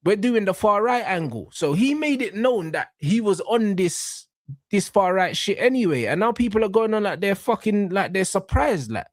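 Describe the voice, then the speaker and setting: A man ranting about football in heavy slang on a casual podcast. His voice sits high and leaps all over the place. The sound is dry and close. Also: normal speed, no echo. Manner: animated, slangy and swearing, ranting. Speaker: podcast host.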